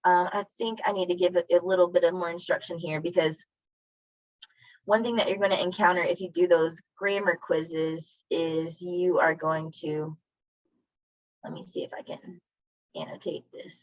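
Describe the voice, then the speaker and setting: A woman's voice: fairly low pitch, steady tone, moderate pace, no echo, dull audio. A woman teaching a Spanish class over a video call, explaining grammar in a friendly, chatty way and often apologizing. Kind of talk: online class lesson.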